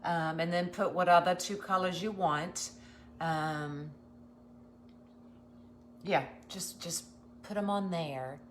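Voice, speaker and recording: A woman's voice: on the low side, slow, long pauses, a little hiss or hum. A woman hosting a casual craft livestream, greeting viewers and chatting with many ums and restarts. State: nervous.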